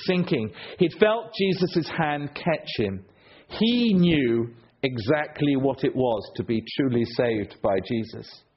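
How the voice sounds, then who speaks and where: Husky preacher man, dull lo-fi sound. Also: medium pitch. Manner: storytelling, rhetorical, shifts between loud and hushed. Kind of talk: sermon. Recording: dull lo-fi recording.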